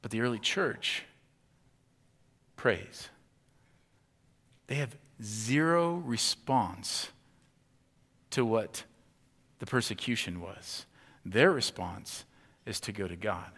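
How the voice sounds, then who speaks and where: A man's voice: on the low side, takes it slowly, pauses often, fairly bright tone, breathy edge. A man preaching a sermon to his congregation, animatedly acting out imagined indignant reactions. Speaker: pastor. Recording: long hall reverb.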